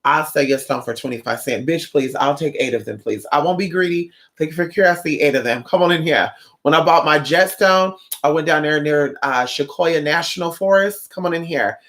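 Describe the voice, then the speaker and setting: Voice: medium pitch, brisk. Sassy potty-mouthed streamer from norcal, chatting and greeting viewers, acts out every story. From Northern California. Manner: sassy, profane, animated storyteller who acts out quotes. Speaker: livestreamer and spiritual shop-goer. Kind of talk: casual livestream chat.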